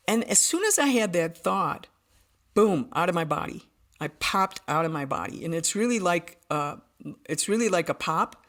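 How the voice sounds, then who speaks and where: A woman's voice: on the low side, animated, normal speed. A woman guest on a podcast, telling a personal story in an earnest, vivid way, often restarting her sentences.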